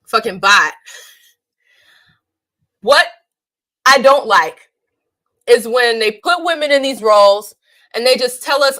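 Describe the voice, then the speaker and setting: A woman talks straight to her live-stream chat in a high, bright voice. She swears freely and hammers her points with emphasis. She breaks into laughter often between her points. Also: lively intonation, takes it slowly, long pauses. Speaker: streamer and channel host. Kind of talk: casual live-stream commentary.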